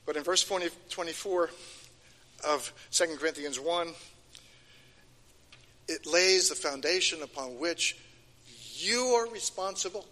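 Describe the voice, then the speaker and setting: A man's voice: a little high, pushed and bright. An older man giving a sermon, emphatic and repeating key phrases, his voice rising and falling. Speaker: preacher. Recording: long hall reverb.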